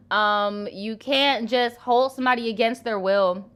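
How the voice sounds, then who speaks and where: A woman's voice: a little high, measured pace, few pauses, fairly bright tone, clean tone. A young woman hosting a live advice stream, talking bluntly and animatedly with plenty of swearing. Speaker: live advice show host.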